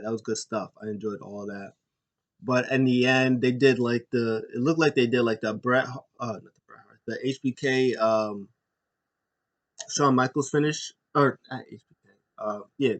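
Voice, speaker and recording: Rambling man recapping wrestling. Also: medium pitch. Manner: rambling, many ums and uhs, self-correcting. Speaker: YouTube host.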